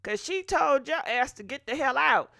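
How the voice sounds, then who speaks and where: Sassy high-voiced woman gossip host. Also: lively intonation, normal speed, creaky, a bit bright, no echo, studio quality. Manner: sassy, opinionated, talks straight to viewers. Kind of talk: casual gossip commentary.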